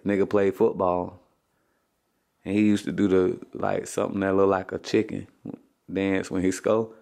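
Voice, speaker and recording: A man's voice: low voice, little pitch movement, moderate pace, vocal fry, darkish tone. A man, a father hosting a casual family vlog at home, ribbing his kids with profane jokes and frequent laughs. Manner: teasing, profane, joking banter.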